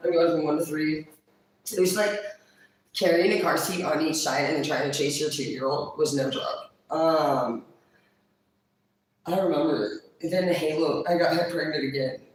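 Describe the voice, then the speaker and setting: A woman chatting casually on a livestream, blunt and profane, quick to laugh. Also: deep voice, steady tone, distant mic. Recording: very echoey room, voice off-mic.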